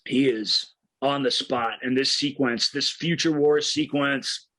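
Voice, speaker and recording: A man's voice: mid-range voice, steady tone, measured pace, a bit bright, rough recording. A man co-hosting a film podcast, enthusiastically retelling scenes in a casual, rambling way with frequent restarts.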